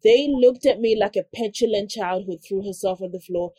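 Husky-voiced woman telling a story animatedly. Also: mid-range voice, moderate pace, no echo. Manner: animated, acts out quoted dialogue; frequent "like" fillers. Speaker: podcast guest telling a story. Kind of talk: casual storytelling.

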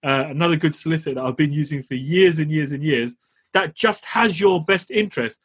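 This podcast co-host has a husky, rather high male voice and a fairly quick delivery. He's in casual conversation, spinning stories chattily and laughing while he speaks.

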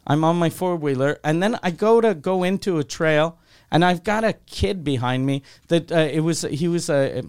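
Man, podcast host, rambling swearing storyteller, smooth clear voice, fairly high. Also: normal speed, darkish tone. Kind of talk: casual chat.

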